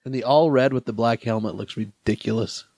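Co-host: man, mid pitch, easygoing and agreeable, casual sports talk, dry sound. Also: fairly quick, darkish tone, breathy edge, dry recording. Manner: agreeable, laughs easily.

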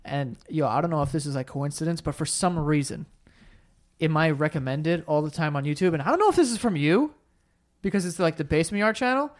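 A man's voice: on the high side, brisk. A man in casual podcast chat, rambling with lots of fillers as he tells stories. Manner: rambling, filler-heavy storytelling. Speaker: podcast host.

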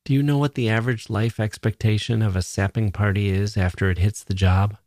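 A man's voice: lowish voice, steady tone, a little fast, darkish tone, no room sound, clean studio sound, lightly acted. A man voicing a cheerful young soldier with a light, joking, offhand manner.

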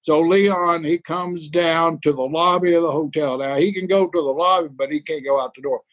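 A man's voice: on the high side, fairly even intonation, normal speed, fairly bright tone, dry recording. A man telling a rambling, profane anecdote from his days as a wrestling tour manager. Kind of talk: anecdotal storytelling.

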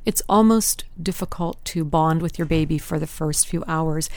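A woman's voice: deep voice, normal speed, darkish tone, no echo. A woman who is a midwife, explaining earnestly in a casual podcast conversation.

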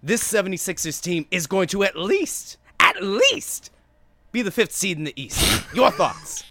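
A man voicing a loud, emphatic male TV sports pundit who bellows hot takes with drawn-out stresses. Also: high voice, animated, no echo, voice pushed up, heavily acted. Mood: fired up.

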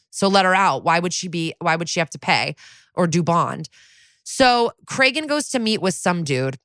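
Casting: young woman, lowish voice, chatty and profane podcast recapper, dry close sound. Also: a bit bright, dry recording. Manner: chatty, profane, acts out quotes in quick voices. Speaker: podcast co-host. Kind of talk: casual episode recap.

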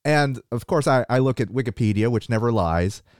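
A male interviewer asks questions in a loose, chatty way and laughs often. His pitch moves a lot, and the recording is dry and close. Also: animated, brisk, darkish tone, dry recording. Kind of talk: casual interview chat.

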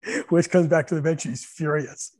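A middle-aged man and former hockey coach telling stories in casual chat, animated, laughing often and acting out what people said. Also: fairly high pitch, normal speed, no room sound. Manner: animated storyteller, laughs often, acts out shouted bench calls.

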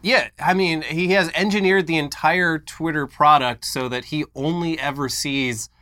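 A man's voice: on the high side, fairly even intonation, moderate pace, sharp tone. A man co-hosting a tech news show, explaining stories with sarcastic quips. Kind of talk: casual tech news banter.

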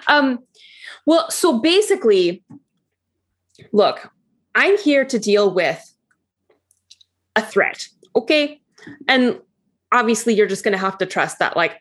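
A woman's voice: medium pitch, fairly bright tone. A woman voicing a pushy, streetwise female psychic agent who talks casually and swears.

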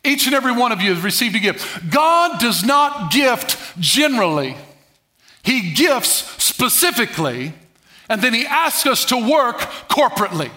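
A male pastor preaching a sermon, calling on the congregation to repeat words and swinging between loud bursts and low muttered asides. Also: very animated, normal speed. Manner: preaches with call-and-response to the congregation.

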